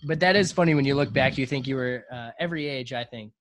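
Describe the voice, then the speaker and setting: A man hosting a podcast, asking his guest questions in an easygoing, casual way and laughing along at his stories. His voice sits in a middling pitch. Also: fast. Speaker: podcast host. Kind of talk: casual interview chat.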